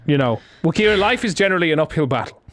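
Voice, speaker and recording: A man's voice: fairly high pitch, lively intonation, rapid-fire, fairly bright tone. A man hosting a radio show, chatting casually and teasing his co-host. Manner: playful, teasing.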